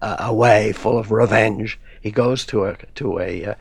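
Gravelly man, halting scholarly talk. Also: on the low side, steady tone, no echo. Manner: halting, many fillers and restarts. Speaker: guest scholar. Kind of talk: academic discussion.

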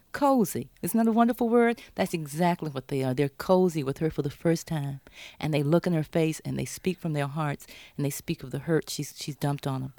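A woman talks about her novel in an interview, thoughtful and full of restarts. When the story heats up, she acts out her characters with lively swings in pitch. The sound is close and dry. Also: no echo. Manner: animated storytelling, acting out her characters' lines. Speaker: author being interviewed.

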